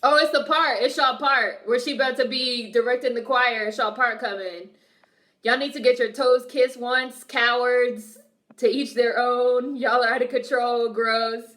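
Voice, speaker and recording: A woman's voice: on the high side, fairly even intonation, unhurried, a bit bright. A woman streamer reacting to a film, chatting casually, laughing often and reading her chat aloud.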